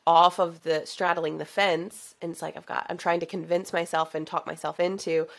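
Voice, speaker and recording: A woman hosting a coaching podcast who talks in a reflective, animated way and laughs often. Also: on the low side, normal speed, creaky. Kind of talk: casual interview chat.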